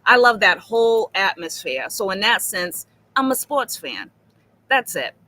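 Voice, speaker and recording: A woman's voice: mid-range voice, sing-song, unhurried, pushed and bright. A woman from Boston with a Boston accent, talking casually on a livestream in a rambling, chatty way and swearing freely. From Boston, Massachusetts. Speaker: livestream guest.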